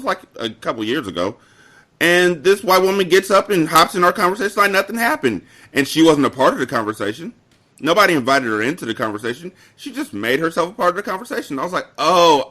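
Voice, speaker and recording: A young man co-hosting a podcast, telling a work story in casual chat with animated delivery and mock-formal phrasing. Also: fairly high pitch. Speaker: podcast co-host.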